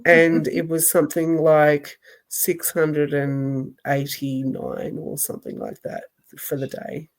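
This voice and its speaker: A woman co-hosting a casual podcast, reflective and quick to laugh. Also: low-pitched, a little mellow. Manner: slow, reflective, laughs often. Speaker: podcast co-host. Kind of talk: casual chat.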